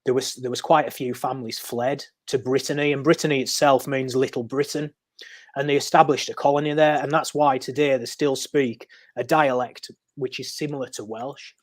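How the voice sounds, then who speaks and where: A man's voice: medium pitch, steady tone, moderate pace, no echo. A man talking as a podcast guest, explaining history in a loose, storytelling way with frequent ums and restarts. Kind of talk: conversational explaining. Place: podcast recording.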